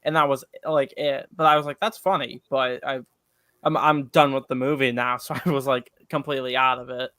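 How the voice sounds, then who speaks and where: Smooth, bright young man, hesitant chat. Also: medium pitch, flat delivery, a little fast, dry recording. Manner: hesitant, filler-heavy. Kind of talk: casual chat.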